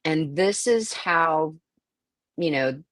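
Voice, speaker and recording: Low-pitched woman voice actor, interview chat, dry close sound, lots of ums. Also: lively intonation, drawn-out words, fairly bright tone, no room sound. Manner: thoughtful, searching, many fillers and restarts. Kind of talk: interview conversation.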